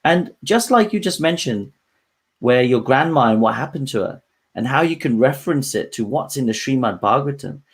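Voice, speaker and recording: A man hosts a casual spiritual talk show. He encourages his guest and speaks in a loose, rambling way. His voice is at a medium pitch. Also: animated, normal speed. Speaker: host.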